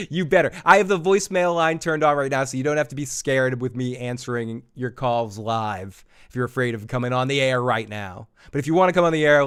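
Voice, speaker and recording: A man's voice: medium pitch, clean tone. A man hosting a live podcast, loose and jokey, laughing often and tripping over his words. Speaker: podcast host.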